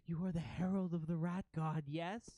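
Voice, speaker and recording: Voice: medium pitch, fairly even intonation, normal speed, dark tone, slight background noise, voice pushed up, natural voice. The game master voicing a timid female ratling creature who pleads and keeps tacking on "yes?". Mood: eager squeaky. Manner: pleading, repetitive, tacks on "yes?". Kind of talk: tabletop game character voice.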